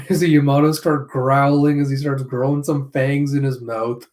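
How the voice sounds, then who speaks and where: A man's voice: mid-range voice, flat delivery, a little mellow. Guy casually going through a comic chapter panel by panel, dry little asides. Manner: narrates panels, slips into quick character voices. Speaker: manga reviewer.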